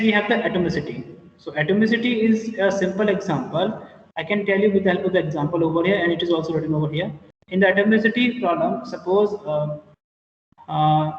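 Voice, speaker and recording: A man lectures a class, repeating himself and filling pauses as he works through each point. His voice sits high. He is recorded from a distance in an echoey classroom, with a long reverb tail. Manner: explains slowly with repetitions and fillers. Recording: echoey room, distant mic, muffled.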